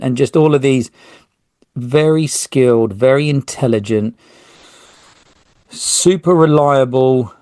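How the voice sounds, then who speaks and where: A man's voice: medium pitch, warm tone, dry recording. A man hosting a solo podcast, talking in a rambling, self-interrupting way with jokey asides. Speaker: podcast host.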